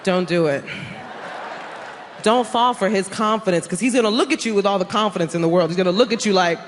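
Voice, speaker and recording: A woman's voice: medium pitch, slight background noise. A woman from the South Bronx, doing brash, teasing stand-up comedy on a big stage. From South Bronx, New York. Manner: brash, teasing, quick punchlines with playful impressions. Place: large theater stage with a live audience. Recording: stage mic with loud audience laughter.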